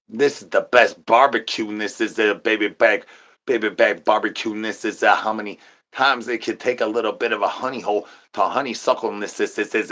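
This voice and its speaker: A man's voice: on the low side, a bit bright. A man livestreaming, rambling nonsense to his chat in a sing-song patter, repeating rhyming filler syllables and catchphrases.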